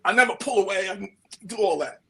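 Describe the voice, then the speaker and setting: Middle-aged New York man, slangy storyteller, high bright voice, a bit husky. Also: fairly quick, low-quality recording. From United States. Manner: slangy and animated, acts out quotes. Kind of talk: casual storytelling.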